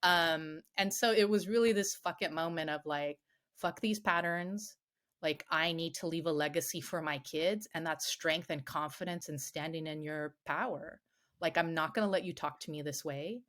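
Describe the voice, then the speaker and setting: Animated swearing woman telling a story. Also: deep voice, moderate pace. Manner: animated, swears freely, many "like" fillers. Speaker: podcast guest, self-defense coach. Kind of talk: casual storytelling.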